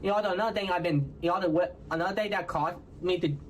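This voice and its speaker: Halting Texan man with unclear diction. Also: high voice, slight background noise. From Houston, Texas. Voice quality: hard-to-follow diction. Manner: halting, ends nearly every phrase with "all right, y'all?". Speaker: content creator in a played clip. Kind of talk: casual self-explaining talk to viewers.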